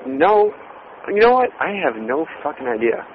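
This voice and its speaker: A man's voice: on the high side, sing-song, moderate pace. A man phones in from out on a street, his voice dull and muffled with a faint hiss and some traffic behind. He rambles, swears and laughs through casual chat. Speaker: phone-in co-host. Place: outdoors on a street.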